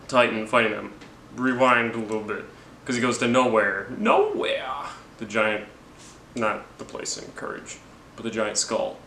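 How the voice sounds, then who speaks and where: A man's voice: mid-range voice, a bit bright, slight background noise. A man giving a rambling, jokey, profane movie recap. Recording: roomy with faint ambience.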